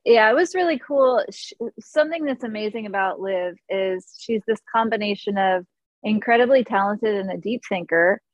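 A woman's voice: mid-range voice, normal speed, dry recording, highs cut off. A woman who produces music, chatting in an interview and acting out studio moments as she tells them. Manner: animated storyteller, acts out studio moments. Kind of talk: casual interview chat.

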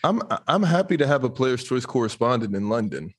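A man's voice: medium pitch, very animated, husky. Jokey male podcast host. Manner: jokey, teasing, quick to laugh. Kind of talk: casual chat on a podcast stream.

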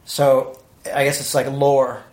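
A man co-hosting a podcast, telling a story in a profane, animated way and acting out the people in it. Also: mid-range voice, takes it slowly. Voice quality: profane, animated storyteller who acts out voices. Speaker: podcast co-host. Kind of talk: casual chat, storytelling. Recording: roomy echo.

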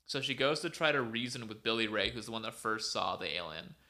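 A man with a lowish, bright, forceful voice talks fairly quickly with lively intonation. He co-hosts a podcast and is casually retelling a story over a video call, meandering and filling gaps with "like" and "um."

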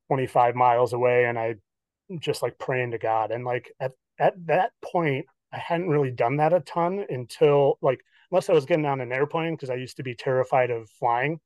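A man's voice: medium pitch, moderate pace, no room sound. A young man telling a long personal story on a podcast as a guest, acting out what people said, with lots of "like" fillers. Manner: animated, acts out quoted dialogue, many "like" fillers. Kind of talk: casual storytelling chat.

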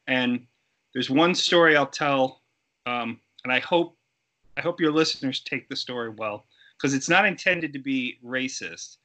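A middle-aged man telling stories as an interview guest, animated and acting out quoted voices. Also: mid-range voice. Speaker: interview guest, creature suit performer. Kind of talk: casual storytelling interview.

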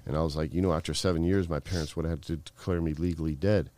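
A middle-aged man tells his story in a loose, rambling way, peppered with swearing and filler words. His voice sits very low, and the recording is dry with no room sound. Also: steady tone, fast, dark tone, no room sound. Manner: rambling, profane, heavy fillers. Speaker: guest. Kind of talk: casual storytelling.

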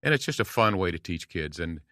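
A man in his sixties with a very low yet bright, forward voice. He talks like a guest telling folksy stories with emphasis. The recording is dry and close. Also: big pitch swings, brisk, dry recording. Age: 60s. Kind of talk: conversational podcast interview.

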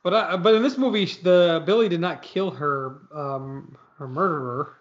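High-voiced rambling man, lo-fi. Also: moderate pace. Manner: rambling, hedging with fillers. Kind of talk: casual movie discussion. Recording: slightly dull lo-fi audio.

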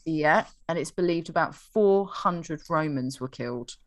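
Low-voiced woman telling history casually. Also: measured pace, dry recording. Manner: chatty storytelling, fillers, laughs at herself.

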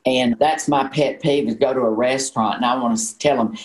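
A Southern American woman in her sixties with a deep, low voice. She chats like a folksy storyteller and laughs easily as she goes. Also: steady tone, fairly quick, few pauses, reverberant, rough recording. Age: 60s. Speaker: guest, actress. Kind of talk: casual chat.

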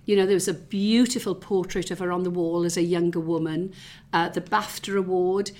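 A woman's voice: on the low side, fairly even intonation, brisk, a little mellow. A middle-aged woman from the South Wales valleys with a Welsh accent, talking in an interview and reminiscing in a chatty way with many fillers and restarts. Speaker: interview guest. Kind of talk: reflective conversational interview.

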